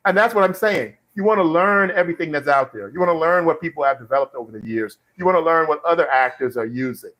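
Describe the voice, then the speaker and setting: A man's voice: on the high side, fairly bright tone. A middle-aged man hosting a live stream Q&A about acting, talking casually with many fillers and restarts as he tells stories and gives advice. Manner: rambling storyteller, frequent fillers and restarts. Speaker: live stream host, actor. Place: home studio.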